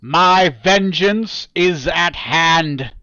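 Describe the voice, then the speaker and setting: A grandiose villain lord bent on vengeance, as a man puts him on for a tabletop game. He drags out each proclamation slowly in a somewhat high, theatrical voice. The sound is dull and muffled, like online call audio. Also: bright, forceful tone, smooth, dry recording, heavily acted. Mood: vengeful. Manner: slow, dramatic proclamation.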